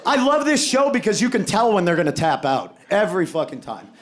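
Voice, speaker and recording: A man from the United States performing a stand-up comedy set, telling stories loudly and shouting suddenly at times. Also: sits high, a little fast. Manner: loud, animated storytelling with sudden shouts. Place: live comedy venue with audience. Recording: live show with crowd noise.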